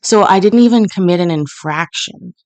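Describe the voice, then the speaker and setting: A woman's voice: lowish voice, moderate pace, darkish tone. Chatty Canadian woman, rambling story. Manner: rambling, lots of fillers and restarts. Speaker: host. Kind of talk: casual storytelling chat. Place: home kitchen.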